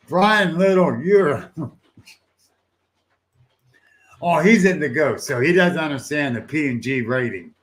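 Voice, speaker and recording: Slow-talking older man chatting casually. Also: on the high side, lively intonation, a bit bright. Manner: rambling, folksy, laughs often, swears casually. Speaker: livestream host. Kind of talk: casual chat answering viewers' comments.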